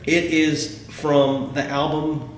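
His voice sits on the high side with a flat delivery, and he takes his time. He's a podcast host chatting casually and with enthusiasm about favorite songs, often restarting sentences, recorded in an echoey room with faint background noise.

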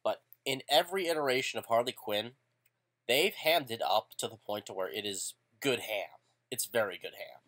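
A man co-hosting a podcast in casual chat, animated and opinionated, swearing offhand. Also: medium pitch, normal speed. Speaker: podcast co-host.

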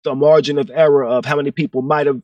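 A man's voice: on the high side, fairly even intonation, fast, no room sound, distant mic, lo-fi sound. A man co-hosting a casual chat show, telling stories easily and repeating words as he builds his thoughts. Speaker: podcast co-host.

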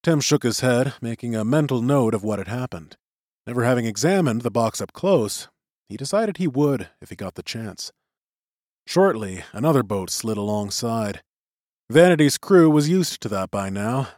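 A male narrator reading a novel with a lively, rising and falling delivery. His voice is mid-pitched and recorded dry, close to the mic. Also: normal speed, dry recording. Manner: expressive storytelling. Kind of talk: audiobook narration.

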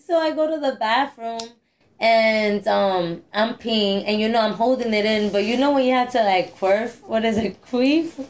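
A woman's voice: on the high side, normal speed, slight background noise. Laughing, crude storytelling woman. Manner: laughs often, tells stories with crude humor. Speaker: podcast co-host. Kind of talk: casual chat.

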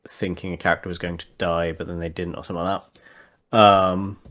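A man's voice: low-pitched, level tone, brisk, a bit bright. A man chatting casually about tabletop games, hesitant and full of fillers and restarts. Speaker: podcast guest.

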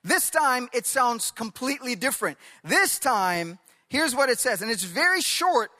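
A man's voice: very high-pitched, big pitch swings, bright, forceful tone, long reverb tail. A man pastor preaching a sermon, stretching out key words for emphasis and leading the congregation to read along with him. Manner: emphatic, drawn-out stresses, leads the congregation in call-and-response.

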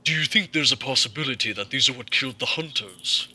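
Bright-voiced player speaking formally. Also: male voice, medium pitch, slightly rough. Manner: measured, formal phrasing. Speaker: tabletop game player. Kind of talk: in-character play.

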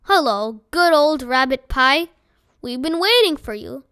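A woman voicing a big, gruff but kindly man with a deep voice in a storybook reading. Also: expressive, a little slow, fairly bright tone, dry recording, studio quality, full character voice. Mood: gruff warm.

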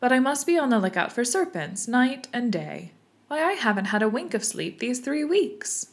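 A woman voicing a fretful, shrill female pigeon in a storybook reading, scolding and scornful. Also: very animated, moderate pace, vocal fry. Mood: aggrieved.

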